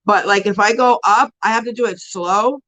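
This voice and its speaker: A woman's voice: medium pitch, normal speed, a bit bright, poor audio. A woman hosting a casual beauty live stream, chatting and answering viewers in a rambling way full of fillers and frequent laughs. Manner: laughs often while talking.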